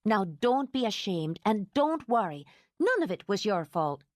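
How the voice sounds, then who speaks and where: A woman's voice: unhurried, no echo, studio quality. A woman putting on a fiery older housekeeper. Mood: vengeful. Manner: indignant, excitable, shrill outbursts. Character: fierce protective older female housekeeper.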